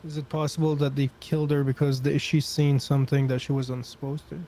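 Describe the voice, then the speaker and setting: A man's voice: fairly high pitch, flat delivery, brisk, mellow, close to an everyday voice. A man voicing a poor peasant, a disguised ninja, asking curious, probing questions. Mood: inquisitive.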